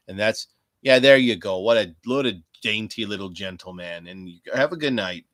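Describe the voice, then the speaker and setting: A man's voice: on the low side, expressive, moderate pace, fairly bright tone, dry recording. A man hosting a rambling solo podcast from home, profane and jokey, muttering asides to himself. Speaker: podcast host.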